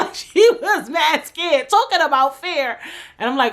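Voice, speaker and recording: Podcast host, young woman from New York, casual and profane, pitched a bit high. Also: normal speed. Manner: animated, profane, slangy storytelling. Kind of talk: casual storytelling monologue.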